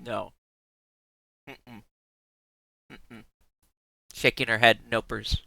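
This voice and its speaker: A man's voice: mid-range voice, steady tone, drawn-out words, gravelly, pushed and bright, no room sound. A man streaming live in casual chat, giggling often and rambling in playful asides with many restarts.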